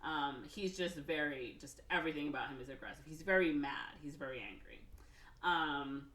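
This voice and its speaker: Woman podcast host, casual and animated plot recapper, low-ish voice, roomy sound a little away from the mic. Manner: animated retelling with quick voices for characters. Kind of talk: casual chat. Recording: echoey room, somewhat far from mic.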